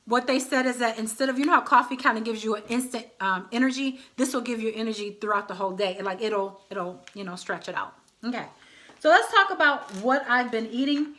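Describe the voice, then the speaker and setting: Bright-voiced chatty woman vlogger. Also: on the high side. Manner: chatty, addresses viewers as y'all. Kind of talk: casual chat to camera.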